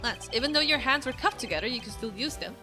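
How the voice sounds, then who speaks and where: A woman's voice: on the high side, expressive, over music, close to an everyday voice. A woman voicing a cool, cutting male investigator. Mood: accusing. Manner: measured, confrontational.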